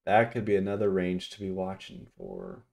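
A young adult man talking casually as he charts stocks on screen, thinking aloud with frequent ums and excited exclamations. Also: deep voice, moderate pace, gravelly. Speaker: stock market vlogger. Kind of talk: casual screen-share commentary.

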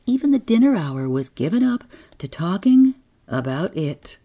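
Soft, husky woman reading a sleep story. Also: lowish voice, big pitch swings. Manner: soft, slow, often whispered. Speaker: bedtime story reader.

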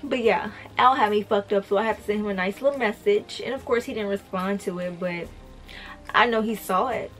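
A woman's voice: mid-range voice, a little fast, fairly bright tone, soft background music. A young woman vlogger telling a storytime video, blunt and profane, talking straight to her viewers. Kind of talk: storytime vlog.

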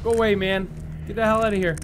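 A man playing a horror game on video, swearing a lot and reacting to every scare with sudden yelps and shouts. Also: fairly even intonation, fast. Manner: profane and jumpy, with sudden high yelps. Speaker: gaming video host. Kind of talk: let's-play commentary. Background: horror game music.

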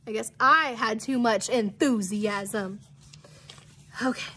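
A woman's voice: fairly high pitch, slow, bright, forceful tone, husky. A woman teacher reading a children's novel aloud to her class, playful and laughing at her own slips in casual asides.

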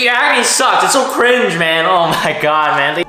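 A man's voice: high-pitched, lively intonation, measured pace. A man giving mocking reaction commentary, scoffing and exasperated. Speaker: reaction YouTuber. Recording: roomy with music playing.

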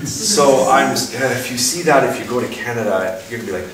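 A man giving a playful, lively lecture to an audience, asking them questions and putting on voices. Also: medium pitch, brisk. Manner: animated, playful, puts on voices and asks the crowd questions. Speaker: speaker giving a talk. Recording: echoey room from far off with faint noise.

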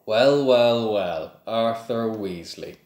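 A man's voice: lowish voice, slow pace, darkish tone, roomy sound. A man reading aloud voices a cold, sneering aristocratic father full of contempt. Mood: contemptuous.

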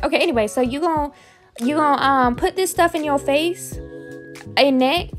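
A young woman narrates a beauty tutorial in a loose, chatty voice-over. Her voice sits high, and she pokes fun at herself as she goes. Faint music plays behind her. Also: fairly quick. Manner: goofy, self-mocking, chatty. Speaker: beauty vlogger.

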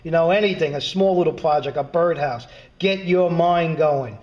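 A man's voice: on the high side, moderate pace, a little mellow. A middle-aged man giving a casual, jokey show-and-tell of his gear mods, rambling and often checking in with the viewers. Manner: jokey, rambling, lots of "all right" and "right?". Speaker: prepper vlogger showing gear mods. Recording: dull lo-fi home video sound.

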